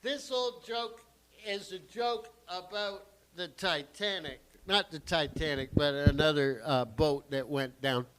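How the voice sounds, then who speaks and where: A man's voice: on the high side, a little slow, a bit bright, slight background noise. A male comedian telling an old vaudeville joke on stage, rambling, swearing and restarting as he loses his place. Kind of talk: live stand-up joke telling. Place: small cafe lounge stage.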